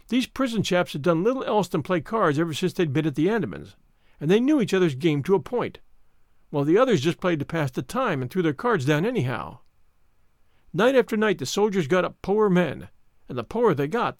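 A man narrating a story in the first person with a measured, expressive reading. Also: high-pitched, no echo, studio quality. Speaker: audiobook narrator.

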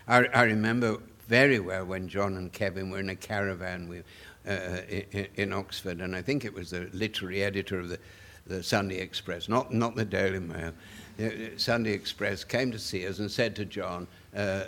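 A man's voice: deep voice, fairly quick, a bit bright. An older man tells stories at a public Q&A. He keeps stumbling over and repeating his words, with little chuckling asides. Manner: stammering repetitions, chuckling asides. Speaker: author guest at a public Q&A. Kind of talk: anecdotal storytelling.

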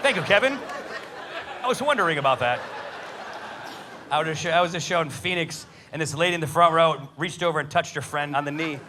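Male stand-up comic, high and expressive, live room with audible noise. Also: brisk, long pauses, a crowd in the background. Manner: animated storytelling, swearing. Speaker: stand-up comedian. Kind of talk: stand-up comedy set. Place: comedy club stage.

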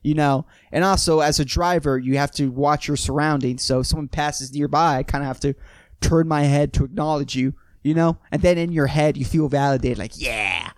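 A young man hosts a solo podcast with a slightly higher voice than most men. He rambles and swears, says "dude" at every turn, and chuckles at his own jokes. The recording is close and dry, with no room sound. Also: steady tone, brisk, no room sound. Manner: rambling and profane, peppers every sentence with "dude". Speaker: podcast host.

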